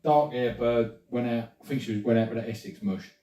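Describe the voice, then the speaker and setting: A man's voice: mid-range voice, fairly quick, mellow, far from the mic. A man in casual podcast banter who cuts in with blunt, sweary remarks. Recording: echoey room, away from the mic.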